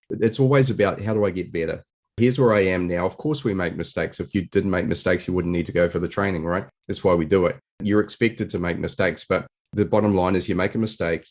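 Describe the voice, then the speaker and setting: A man's voice: low-pitched, darkish tone. A man hosting a podcast interview, speaking emphatically and coming back to the same key phrases. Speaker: podcast host. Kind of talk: interview conversation.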